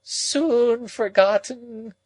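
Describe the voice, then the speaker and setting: A man's voice: very high voice, big pitch swings, slow, darkish tone, no echo, voice pushed up, full character voice. A man playing a shrieking, anguished old woman. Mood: moaning. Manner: moaning, wailing, overwrought.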